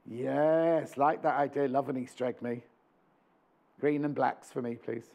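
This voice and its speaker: A man's voice: mid-range voice, steady tone, unhurried, darkish tone. A man presenting on a live shopping channel, chatting with enthusiasm and jokes. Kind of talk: live TV sales chat. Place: TV studio.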